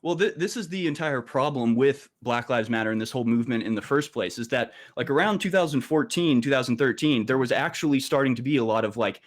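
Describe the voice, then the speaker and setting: A man speaking as a guest on a talk show. His voice has a medium pitch, and he talks haltingly, with lots of fillers and restarts. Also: animated. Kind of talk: casual political talk.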